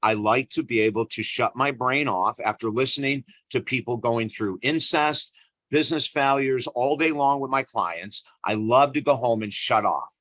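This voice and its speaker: A man in his sixties telling a personal story in an interview, animated and chuckling often. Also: mid-range voice, moderate pace, no echo, rough recording. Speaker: interview guest, counselor.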